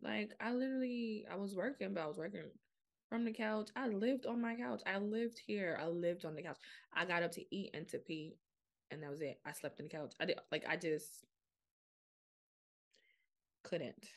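A young adult woman hosts a candid solo podcast, chatting frankly and casually with her listeners at normal speed in a medium-pitched voice. She uses plenty of fillers and quotes her own self-talk.

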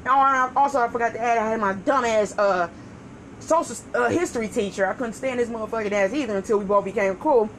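A woman's voice: fairly high pitch, quick pace, slight background noise, rough recording. A woman co-hosting a show, telling a story in casual chat with profanity and laughter. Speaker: podcast co-host.

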